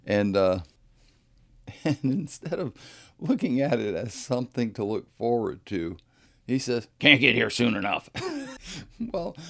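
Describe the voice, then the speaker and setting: A man hosts a podcast, telling a casual work story in an easygoing, chatty way. His voice sits very low with a gravelly fry. He chuckles often as he goes. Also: a little mellow. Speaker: podcast host.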